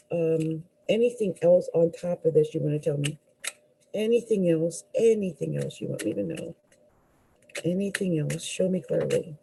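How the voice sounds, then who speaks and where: A woman's voice: lowish voice, creaky, mellow, slight background noise, poor audio. A woman astrologer giving a live tarot reading, musing aloud with hesitant fillers and restarts and exclaiming in surprise as cards fall out.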